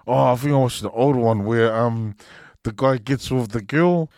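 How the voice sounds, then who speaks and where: A man's voice: medium pitch, normal speed, a little mellow, no echo. Easygoing man, dry close sound. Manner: easygoing, laughs often. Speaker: podcast co-host. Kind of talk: casual chat.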